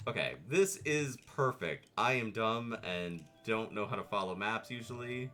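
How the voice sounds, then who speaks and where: A man streaming a video game, playful and excitable, chatting his way through and greeting the animals. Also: on the low side, unhurried, faint music behind. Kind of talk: casual gameplay commentary.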